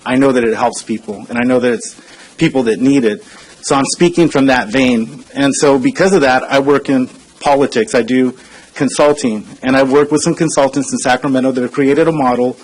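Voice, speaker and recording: A man in his forties speaks at a council podium in an average-pitched voice. He talks in an earnest, conversational way, pausing on fillers as he tells a personal story. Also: fairly even intonation, low-quality recording. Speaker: consultant speaking at public comment. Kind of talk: public comment speech, personal storytelling.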